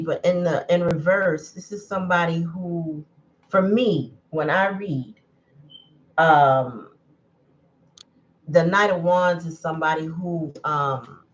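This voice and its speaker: A woman's voice: low voice, highs cut off. A woman giving a casual livestream tarot reading, chatty and blunt in a straight-to-the-point way. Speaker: tarot reader.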